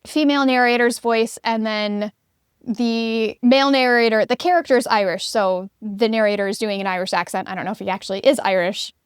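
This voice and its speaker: Clear-voiced woman co-hosting a book chat. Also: on the high side, a little fast, no room sound, studio quality. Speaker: podcast co-host. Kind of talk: casual book discussion.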